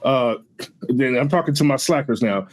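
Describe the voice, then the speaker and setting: A man's voice: medium pitch, moderate pace, rough recording. A man hosting an interview show, chatty and easygoing, who laughs often and talks straight to his audience.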